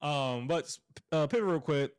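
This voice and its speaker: A man co-hosting a podcast in casual chat. He tells lively stories and swears freely. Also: a little high, a little slow, smooth. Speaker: podcast co-host.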